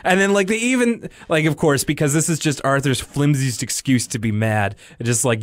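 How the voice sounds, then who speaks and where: A man co-hosting a podcast, casually recapping a cartoon with animated storytelling. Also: medium pitch, moderate pace, hardly any pauses, no echo. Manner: animated storytelling, slipping into quoted voices. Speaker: podcast co-host. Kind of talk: casual chat about a cartoon.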